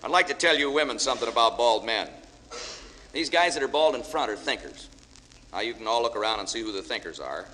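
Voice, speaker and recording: Male after-dinner speaker, fast folksy joke-teller, reverberant hall recording. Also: medium pitch, animated, pushed and bright. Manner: folksy storyteller, joking with audience. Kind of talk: humorous speech with jokes. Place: large banquet hall with audience. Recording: echoey hall, faint hiss.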